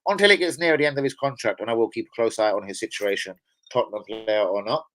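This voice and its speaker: A man's voice: fairly low pitch, fast talker, fairly bright tone, rough recording. A young adult man hosting a football fan livestream, chatting casually with heavy swearing and rambling banter. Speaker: football fan channel host.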